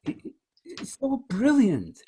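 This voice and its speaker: A man's voice: very high-pitched, wildly swooping pitch, slow pace, mellow, slightly rough. A man hosting a casual conversation, enthusiastically explaining poetry and often restarting his phrases. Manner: enthusiastic, explains by reading lines aloud and stressing beats. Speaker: host, musician.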